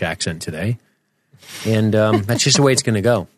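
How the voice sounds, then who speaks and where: A man's voice: on the low side, moderate pace. A man in his forties co-hosting a podcast, rambling and joking with casual swearing. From United States. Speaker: podcast co-host. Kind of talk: casual chat. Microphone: studio microphone.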